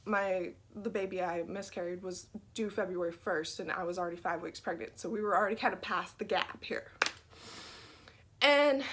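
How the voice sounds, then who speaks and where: A woman telling a personal faith story in an earnest, conversational way, sometimes dropping to a soft whisper. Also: medium pitch. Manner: earnest, drops to a soft whisper at tender moments. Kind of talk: personal testimony.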